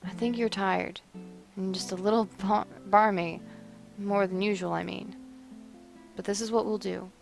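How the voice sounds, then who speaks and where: A woman voicing a calm, devoted young fiancé who speaks softly and reassuringly in a dramatic story reading. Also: measured pace, vocal fry, pauses often, faint music behind. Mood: soothing. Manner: soft, calm, lower and reassuring.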